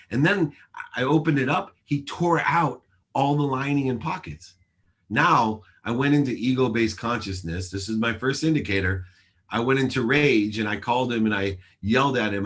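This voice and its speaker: A man's voice: mid-range voice, a bit bright. A man in his forties, a show host, telling his life story in an interview with earnest, emphatic delivery and acted-out dialogue.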